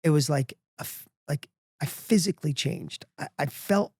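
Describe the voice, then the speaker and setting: A middle-aged man telling a personal story as a podcast guest, energetic and emphatic, often restarting his sentences. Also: a little high, moderate pace, husky, no room sound, clean studio sound.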